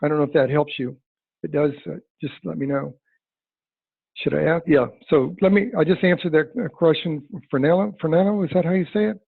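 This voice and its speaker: A man's voice: on the high side, fairly even intonation, fairly quick, gravelly, husky. A man running a sales training webinar, talking in a folksy, emphatic way and acting out client dialogue. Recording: dry tinny phone-like line.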